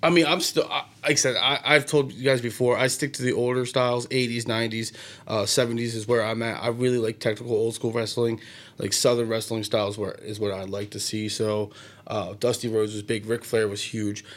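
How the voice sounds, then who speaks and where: A man co-hosts a show from a radio studio, talking in a casual, enthusiastic way. He rambles and often restarts his sentences, and his voice sits at an ordinary middle pitch. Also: little pitch movement, brisk, a bit bright. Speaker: co-host, wrestling fan. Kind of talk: casual chat.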